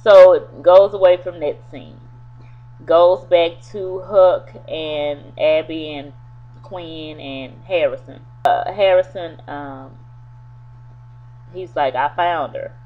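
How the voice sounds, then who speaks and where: A woman's voice: deep voice, slow pace. A woman casually retelling a TV episode in a loose, rambling way, full of fillers. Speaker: TV episode reviewer. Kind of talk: casual spoken episode recap. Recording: tinny phone-like sound with faint hum.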